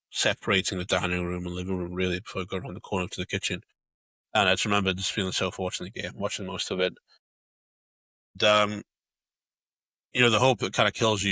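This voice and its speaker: Male podcast co-host, low and bright, an animated, sweary storyteller. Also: no echo. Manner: animated storyteller, swears freely, many fillers. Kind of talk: casual storytelling chat.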